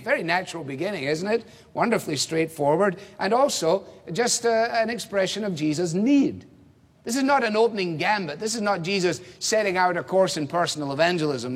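A man preaching an expository sermon, measured and emphatic, posing rhetorical questions. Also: sits high, expressive. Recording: reverberant hall.

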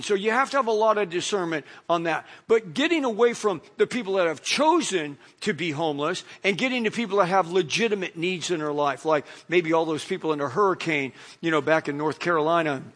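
A man's voice: high-pitched, fairly bright tone. A middle-aged man, a pastor, preaching a conversational sermon full of stories and fillers. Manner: conversational, storytelling, many fillers.

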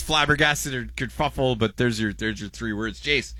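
A man's voice: medium pitch, normal speed, no echo, clean studio sound. An American man co-hosting a podcast, chatting casually and playfully. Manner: playful, jokey, animated. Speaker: podcast co-host. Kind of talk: casual chat.

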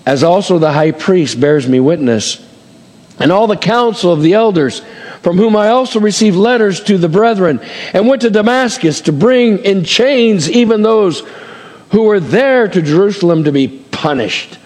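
Male preacher, fairly high voice, dynamic sermon delivery, long hall reverb. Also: normal speed. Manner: expressive, swings between loud and hushed.

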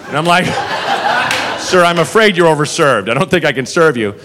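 A man's voice: fairly high pitch, big pitch swings, moderate pace. A man doing a stand-up set, telling a profane story and acting out the people in it. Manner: profane storytelling, acts out characters. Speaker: stand-up comedian. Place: comedy club stage before a laughing audience. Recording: live club recording with crowd and noise. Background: audience laughter.

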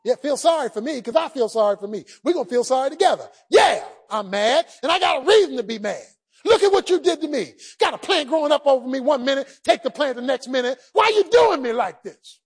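A man voicing a grumbling, self-pitying male prophet in a quick complaining tone within a sermon. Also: extremely high pitch, big pitch swings, heavily acted. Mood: whiny.

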